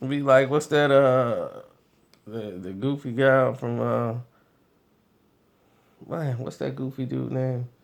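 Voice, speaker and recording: A man vlogging, telling casual stories in an animated, loose way with frequent laughs. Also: medium pitch, slow pace, gravelly, long pauses. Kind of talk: casual storytelling.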